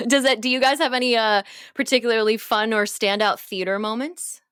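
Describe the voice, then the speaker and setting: A woman's voice: fairly high pitch, steady tone, normal speed, fairly bright tone, clear, resonant tone, dry recording, studio quality. A young adult woman co-hosting a casual chat, laughing often and steering the conversation. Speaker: co-host.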